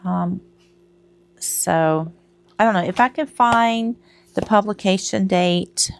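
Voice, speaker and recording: A woman's voice: medium pitch, slow pace, gravelly. A middle-aged woman, chatting casually to camera at home, rambling and laughing at herself. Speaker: crochet vlogger.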